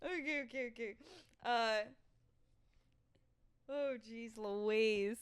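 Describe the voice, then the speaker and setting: A woman's voice: on the high side, slow pace, clear, resonant tone, no echo. A woman co-hosting a book club podcast, chatting casually and reading passages aloud with playful giggles. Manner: giggly, playful, breaks into laughter. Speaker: podcast co-host.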